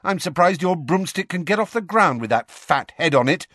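A man voicing an angry, proud teenage schoolgirl who speaks in sharp, scornful outbursts. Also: high voice, lively intonation, normal speed, no echo, studio quality, voice pushed up.

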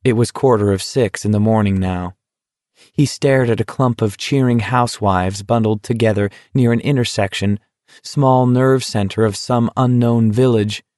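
A man reading an audiobook in a steady, measured way. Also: fairly low pitch, dry recording, clean studio sound. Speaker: audiobook narrator. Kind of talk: audiobook narration.

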